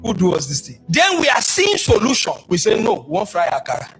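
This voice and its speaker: A Nigerian man telling his story with fire, his voice lively and high-pitched. He rises to shouts at the high points. Clear music runs underneath him. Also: brisk, rough recording. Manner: fiery storytelling, shouting at peaks. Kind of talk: impassioned public speech.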